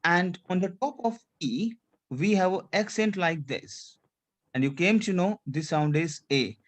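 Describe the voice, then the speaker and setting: At a measured pace, a male French teacher with a high-pitched voice and lively intonation conducts a language lesson. He drills repetitively, calls for students to repeat, and drops "c'est clair"-style French checks into his English.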